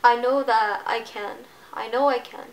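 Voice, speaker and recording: A woman in her twenties talking to camera about something personal, halting and emotional, with many restarts. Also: fairly high pitch, steady tone, poor audio. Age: 20s. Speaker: vlogger. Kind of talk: personal vlog confession.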